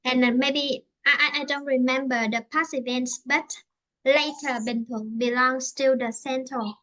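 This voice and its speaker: A woman's voice: high voice, steady tone, unhurried, sharp tone, poor audio. A woman English teacher with a southern Vietnamese accent, chatting and explaining at length in a conversational lesson, with many fillers and restarts.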